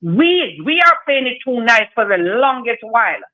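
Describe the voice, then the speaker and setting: A woman's voice: a little high, sing-song, normal speed. A woman from Jamaica with a Jamaican accent, calling in to a radio talk show and making her points emphatically, often repeating herself. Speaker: caller. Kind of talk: call-in radio chat. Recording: dull phone-line sound.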